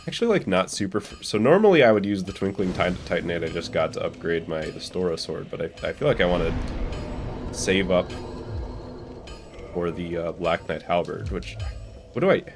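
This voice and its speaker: A man's voice: low voice, animated, moderate pace, over music. A young man streaming a speedrun, talking casually over his gameplay, swearing and laughing at his own mistakes. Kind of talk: casual live gameplay commentary.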